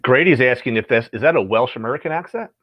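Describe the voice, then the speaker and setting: Expressive male livestream host. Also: medium pitch, dry recording, dull audio. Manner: friendly, halting, with frequent restarts. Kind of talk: casual livestream chat.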